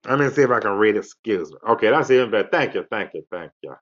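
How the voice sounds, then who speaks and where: Man, radio host, rambling laid-back monologue, lively pitch, dull lo-fi sound. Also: quick pace, a little hiss or hum. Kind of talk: casual monologue. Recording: lo-fi internet radio audio.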